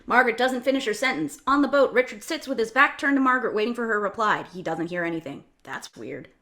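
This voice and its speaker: A woman reading stage directions in a plain, even-paced way for an online script reading. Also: fairly high pitch, fast.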